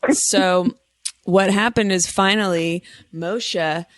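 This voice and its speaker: A playful woman in her thirties hosts a comedy podcast, spinning stories with loose, joking asides. Her voice sits at a middling pitch and sounds close and dry on the studio mic. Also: normal speed, no room sound. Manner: playful, swears, mock campfire-story whispers. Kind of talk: casual comedic storytelling.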